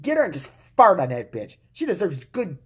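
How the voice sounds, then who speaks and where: Man, ranting vlogger, husky voice, lively swinging pitch, crude and mocking. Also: a little fast. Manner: vulgar, mocking, heated. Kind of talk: profane solo rant.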